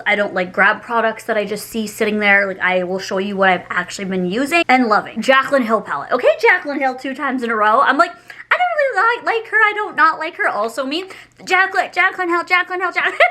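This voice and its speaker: A woman's voice: a little high, sharp tone. A young woman beauty vlogger chatting casually about her favorite products, bubbly and giggly, filling her talk with "like". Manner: bubbly, giggly, says "like" constantly. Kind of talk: casual chat.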